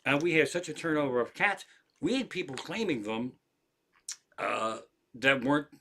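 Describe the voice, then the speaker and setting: With a medium-pitched voice at normal speed and a touch of hiss or hum in the background, a male comedian hosts a livestream from his home armchair. His casual storytelling rambles, animated and profane.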